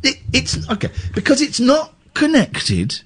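A man's voice: very high-pitched, a little slow, slightly rough. English guy radio host, big swoopy voice, fake-outraged rant, keeps restarting. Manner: animated, mock-outraged ranting with stammered restarts. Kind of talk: lively radio banter.

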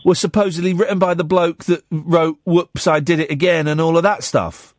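A man's voice: fairly high pitch, moderate pace, no room sound, clean studio sound. A man hosting a radio show, chatting casually in a rambling way with many restarts. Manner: animated, rambling, stumbling restarts. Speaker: radio host.

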